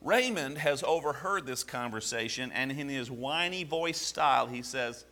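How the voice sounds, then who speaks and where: A man preaching a sermon, animated, asking the congregation rhetorical questions. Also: medium pitch, normal speed, few pauses. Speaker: pastor.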